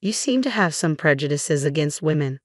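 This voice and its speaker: A stern elderly chairman scolds in a firm, reproving voice, as a woman reads him. The voice is low and dry, recorded close with no room sound. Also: lively intonation, moderate pace, no echo. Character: stern older male company chairman, grandfather.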